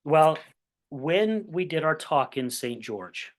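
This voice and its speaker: A man's voice: fairly high pitch, slow pace, slight background noise. A man hosting a podcast tells a long personal story to his guest. He acts out the people in it and keeps checking in with "right?" as he goes. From Utah, USA. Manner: animated storyteller, acts out quoted voices, says "right?" often. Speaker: podcast host. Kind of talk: conversational interview storytelling.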